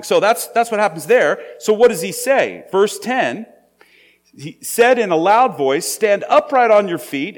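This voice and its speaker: A man preaching a sermon in a conversational, storytelling way. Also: high-pitched. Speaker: pastor.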